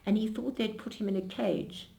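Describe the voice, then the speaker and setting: Animated older woman telling stories. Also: medium pitch, moderate pace, gravelly. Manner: animated storyteller with frequent restarts. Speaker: interviewee. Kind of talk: storytelling interview.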